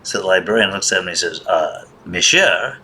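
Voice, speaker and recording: A man's voice: low-pitched, fairly even intonation, racing, bright, forceful tone, a little hiss or hum. A man hosting a casual monologue, rambling and wry, grumbling in a joking way. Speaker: host.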